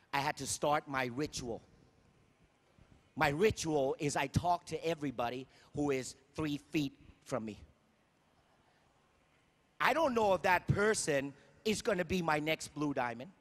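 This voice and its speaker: A man's voice: high-pitched, fairly bright tone. A man giving a motivational stage speech at a sales convention, emphatic and repetitive, firing rhetorical questions at the crowd. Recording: long hall reverb.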